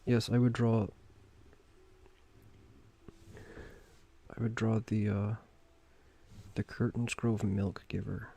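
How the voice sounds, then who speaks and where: Man, low voice, mellow, casual rambling chat, chuckling asides, streamer drawing live. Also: flat delivery, very slow, gravelly, pauses often, husky.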